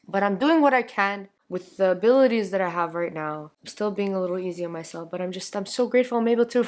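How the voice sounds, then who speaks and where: A young woman, a singer, talking casually to her camera while her voice is hoarse and lowered from laryngitis; earnest and reflective, laughing lightly between thoughts. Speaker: singer and content creator.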